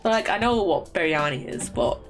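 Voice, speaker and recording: A woman's voice: fairly low pitch, expressive, moderate pace, faint music behind. A woman streaming a story game, chatting casually, rambling and laughing at herself. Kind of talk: casual gameplay commentary.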